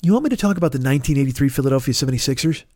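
A man with a hoarse throat, hosting a podcast and riffing loosely through plugs for other shows with plenty of swearing. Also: medium pitch, lively intonation, racing, mellow, no echo, studio quality. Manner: loose, profane, jokey, riffing. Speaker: podcast host. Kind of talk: casual podcast plugs and chat.

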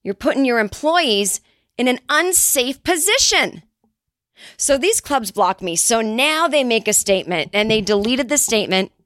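A woman hosting a comedy podcast, ranting in a sarcastic, profane monologue and jumping into high mocking voices when quoting others. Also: fairly bright tone, dry recording, clean studio sound. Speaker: podcast host.

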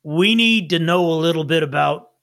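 A man's voice: a little high, normal speed, creaky, fairly bright tone. A man voicing a young man who can turn into a huge bear, talking in a hesitant, folksy drawl. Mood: guarded. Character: young man who turns into a bear, gruff but shy.

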